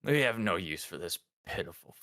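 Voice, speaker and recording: A man's voice: low voice, expressive, fairly quick, sharp tone, no echo, clean studio sound. A man voicing a boastful half-dragon warlord with a taunting, mock-generous manner in a tabletop game.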